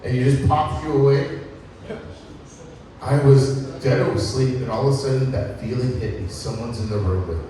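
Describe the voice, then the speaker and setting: A man's voice: mid-range voice, normal speed, mellow, a little hiss or hum. A middle-aged man doing a stand-up set, telling profane stories about his son and chatting with the crowd. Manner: profane storytelling, crowd work. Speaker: stand-up comedian. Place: comedy club stage. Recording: echoey hall from far off with crowd.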